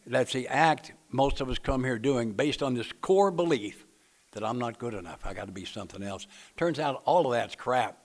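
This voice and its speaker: A man talks a group through a book study. His delivery is plainspoken and folksy, with a joking edge. His pitch sits in the middle range. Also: normal speed. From Nashville, Tennessee. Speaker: recovery meeting speaker leading a book study. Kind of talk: speaker-meeting talk to a group.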